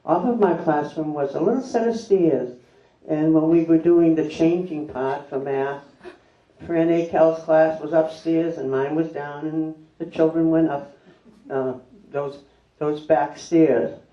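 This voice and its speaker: An older woman, a retired third-grade teacher, recalling her school days in a plain, unhurried way. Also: sits low, fairly even intonation. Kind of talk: reminiscing talk at a public event. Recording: distant, roomy and slightly dull.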